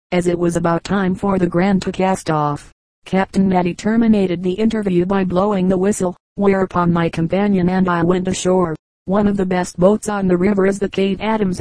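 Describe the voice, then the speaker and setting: Woman narrator, low flat delivery, mellow tone, dry close sound; steady audiobook reading. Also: no room sound, rough recording. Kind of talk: audiobook reading of a travel memoir.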